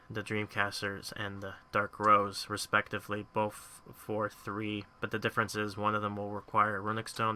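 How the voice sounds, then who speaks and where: A man with a lowish, pushed, bright voice hosts a gaming channel. In casual guide commentary, he walks chattily through a mobile game's crafting, rambling and thinking out loud.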